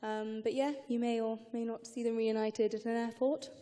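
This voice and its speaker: A woman's voice: on the high side, flat delivery, moderate pace, mellow. A woman on a festival panel describing her character, with many fillers and hedged phrases. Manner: chatty, many ums and sort ofs. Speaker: actress on a panel. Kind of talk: panel discussion.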